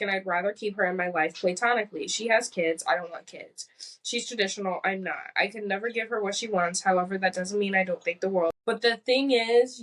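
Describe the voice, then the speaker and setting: A woman's voice: mid-range voice, a bit bright. A woman co-hosting a podcast in casual chat, reading posts aloud and reacting bluntly with incredulous, profane remarks. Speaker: podcast co-host.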